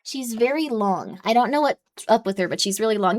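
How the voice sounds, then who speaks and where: Streamer, young woman, slightly high-pitched, loose and rambling live chat. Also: expressive, fairly quick. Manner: chatty, rambling, coos at her cat in a high baby voice.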